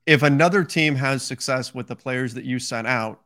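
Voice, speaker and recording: A man co-hosting a sports podcast who moves the conversation from topic to topic in an easy, conversational way. His voice sits at a medium pitch. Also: normal speed, bright, forceful tone. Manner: conversational, leads topic changes. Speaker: podcast co-host. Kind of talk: casual sports chat.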